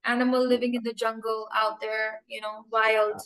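A woman's voice: fairly high pitch, little pitch movement, moderate pace, a bit bright, low-quality recording. A woman teacher running a mock English speaking test, asking questions patiently, repeating and spelling them out and often laughing. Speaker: English teacher acting as examiner.

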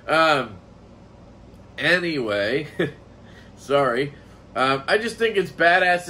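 A man's voice: fairly high pitch, bright, forceful tone, slight background noise. An American man giving a casual, rambling knife review, enthusiastic and profane, with lots of fillers.

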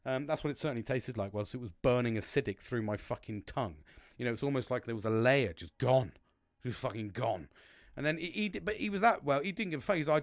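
Middle-aged male host, casual rambling monologue, frequent swearing, mid pitch, dry close mic. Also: quick pace, no room sound. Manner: rambling, swears a lot, animated swings in pitch. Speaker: podcast host.

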